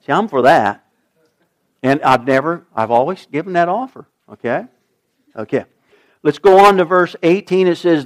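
An older man preaching a sermon, earnest, swinging from loud emphasis to hushed asides. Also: fairly high pitch, expressive, normal speed, long pauses. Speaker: pastor.

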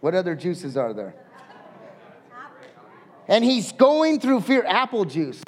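A male pastor preaching a sermon, telling a story with lively acted-out quotes and lists of words. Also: sits high, slow pace. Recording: long hall reverb.

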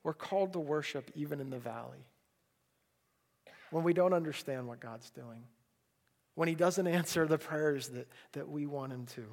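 A man's voice: fairly high pitch, moderate pace, pauses often. A man preaching a sermon at a church service, earnest and pleading, often repeating words as he restarts a thought. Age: adult, a parent. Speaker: pastor.

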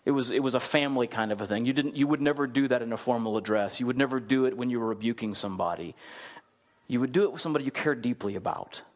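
A man preaching a sermon in a conversational, animated way, acting out the people in the story and putting questions to his listeners. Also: quick pace. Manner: animated storyteller, acts out quotes with big swings in pitch; conversational, asks the congregation questions. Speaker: pastor.

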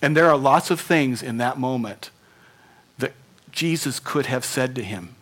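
A male pastor giving an animated sermon, laughing often and sinking to near whispers at times. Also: mid-range voice, measured pace.

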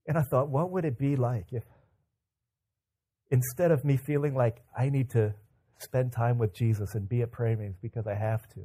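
A man's voice: mid-range voice, normal speed, mellow, husky. A man preaching a sermon in a conversational way, acting out inner thoughts as he tells stories. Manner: conversational, with many fillers and repeats.

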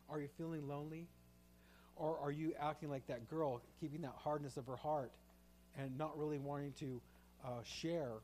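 A male pastor preaching a sermon, moving from quiet, reflective passages to loud, impassioned pleas. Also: on the high side, a little hiss or hum.

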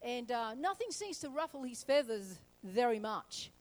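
A woman preaches a sermon in a high voice. She tells her story with energy and slips into the characters as she goes. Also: normal speed, low-quality recording. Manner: lively, acts out characters in the story. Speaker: pastor.

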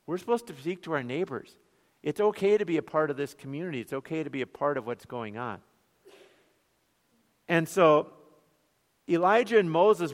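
Brief: Minnesotan-accented male pastor, fairly high voice, chatty sermon, long church reverb. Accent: Northern Minnesotan. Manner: conversational, rhetorical questions, joking asides.

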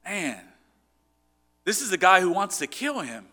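A man's voice: high voice, big pitch swings, a little slow, pushed and bright, faint music behind. A man preaching a sermon in an earnest, conversational way, often restarting his sentences. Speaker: pastor.

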